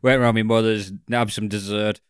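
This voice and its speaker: A man's voice: fairly low pitch, fairly even intonation, fairly quick, clean tone, no echo, clean studio sound. A man co-hosting a podcast, telling rambling stories in casual chat and laughing through them. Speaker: podcast co-host.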